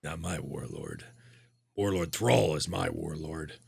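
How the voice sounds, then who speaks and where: A man doing a gravelly, scornful orc captive. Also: a bass voice, slow, a little mellow, dry recording, pitched below the performer's own voice, heavily acted. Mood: mocking. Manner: crude, scornful and insulting. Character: hostile captured male orc warrior.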